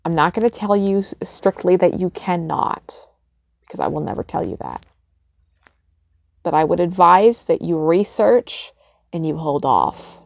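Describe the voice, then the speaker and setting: A young adult woman talks straight to the camera in a casual vlog, blunt and emphatic, with plenty of swearing. Her voice sits on the low side. The sound is dry, with no room echo. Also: lively intonation, measured pace, creaky, a little mellow. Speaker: witchcraft vlogger. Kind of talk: casual spoken advice.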